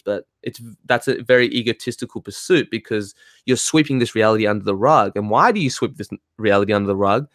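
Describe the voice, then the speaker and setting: A man's voice: mid-range voice, a little fast, no echo. Ranting man, dry close sound. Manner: animated, swearing, ranting with laughs. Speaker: spiritual talk host reading chat. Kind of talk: heated casual monologue.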